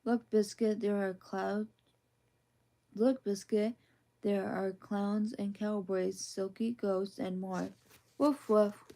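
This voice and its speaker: A woman with a mellow, warm voice reads children's picture books aloud for a soft ASMR bedtime session. Her delivery is gentle and sing-song. Her pitch sits in the middle range. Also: flat delivery, takes it slowly.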